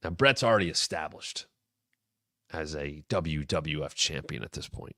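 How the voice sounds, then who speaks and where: A man in his thirties with a bright, forceful bass voice hosts a wrestling show, casually looking back on a storyline's history. He speaks at a moderate pace, enthusiastic and prone to sudden bursts, in clean studio sound with no room noise.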